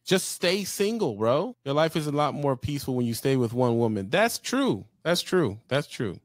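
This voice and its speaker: A man's voice: mid-range voice, sing-song, moderate pace, no echo, clean studio sound. A man hosting a live talk stream, giving blunt, profane opinions in casual chat.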